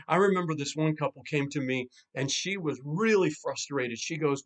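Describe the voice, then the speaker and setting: A man, a pastor and marriage coach, casually teaching in an animated way and acting out quoted spouses. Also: on the high side, brisk, hardly any pauses.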